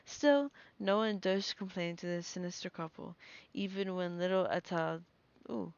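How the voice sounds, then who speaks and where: A woman's voice: fairly low pitch, measured pace, gravelly, darkish tone, dry recording, dull audio. A young woman reading a story aloud on a live stream, stumbling over names and breaking off to react and laugh.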